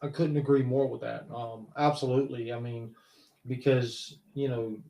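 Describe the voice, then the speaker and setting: A man with a gravelly, creaky voice hosts a casual podcast chat, thinking aloud with hesitant pauses and restarts. His voice sounds roomy, with a noticeable echo around it. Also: mid-range voice, level tone, mellow. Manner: thoughtful, hesitant, many fillers and restarts. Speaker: host; counselor.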